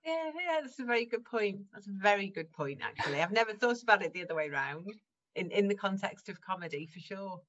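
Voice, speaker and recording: A woman's voice: mid-range voice, lively intonation, a little fast, a bit bright, highs cut off. A middle-aged woman with a mid-range voice speaks as a guest in a casual interview. She talks freely and laughs often between her thoughts. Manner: laughs often while talking. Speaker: guest, improv performer.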